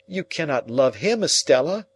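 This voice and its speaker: A heartbroken young man pleads in a raised, earnest voice, voiced by a man reading aloud. The lines climb higher and louder than the narration, full of passionate storybook anguish. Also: big pitch swings, moderate pace, slightly rough, exaggerated voice. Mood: pressing.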